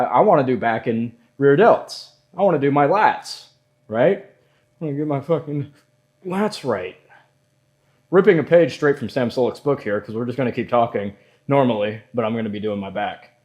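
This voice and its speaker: A young man in his own room, talking straight through a casual solo podcast. He rambles from story to story, swears freely and leans on crude jokes, in a voice that sits at an ordinary middle pitch for a man. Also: lively intonation, normal speed, darkish tone. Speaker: podcast host. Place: indoor room at home.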